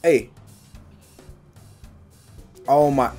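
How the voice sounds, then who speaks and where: Excitable young man yelling through gameplay. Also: mid-range voice, a little slow, faint music behind. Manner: excitable, swearing, yelling in sudden scares. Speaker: gaming YouTuber. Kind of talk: casual gameplay commentary.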